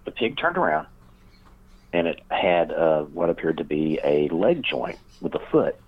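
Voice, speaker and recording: A man speaks at normal speed in a low-pitched voice with lively intonation, with slight background noise on dull lo-fi remote audio. As a guest author and paranormal researcher in an interview, he rambles through a story, using lots of fillers and acting out quoted voices.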